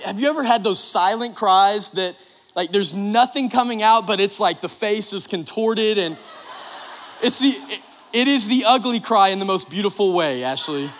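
In a church sanctuary with long hall reverb, a pastor in his thirties preaches a sermon in a high, somewhat bright voice with a little hiss or hum. He tells personal stories chattily, frequently saying "right?" and "like."

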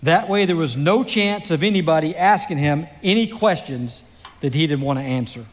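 A man preaching a sermon, telling a story slowly and dramatically with pauses. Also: fairly high pitch, expressive, in a large hall. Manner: slow, dramatic delivery with pauses. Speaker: pastor.

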